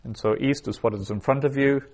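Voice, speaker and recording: A man's voice: medium pitch, a little mellow. A man teaching a recorded language lesson, saying each word twice and then explaining it. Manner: slow, repeats each word twice before glossing it. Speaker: Hebrew teacher.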